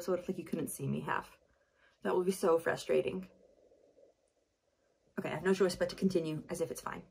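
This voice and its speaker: A woman vlogger chatting casually and animatedly as she summarizes a novel while doing her makeup, with lots of fillers. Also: medium pitch. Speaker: book vlogger.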